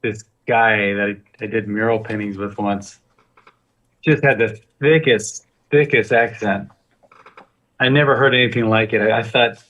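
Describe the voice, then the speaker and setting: A man's voice: medium pitch, a bit bright, distant mic, muffled recording. A man teaching a live painting demonstration, talking loosely and joking while he works. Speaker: guest painting instructor.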